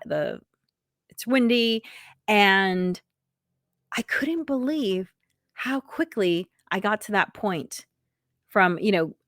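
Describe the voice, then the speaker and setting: A woman's voice: on the low side, fairly bright tone, dry recording, clean studio sound. A woman hosting a podcast, sharing a personal story in a conversational, thoughtful way with light laughs now and then. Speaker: podcast host.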